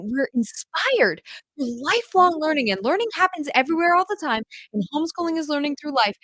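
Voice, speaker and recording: A woman's voice: sits high, a bit bright, dry recording, poor audio. A woman homeschool coach talking straight to her listeners in an enthusiastic, chatty podcast monologue, calling them "you guys.". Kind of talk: direct-to-audience podcast monologue.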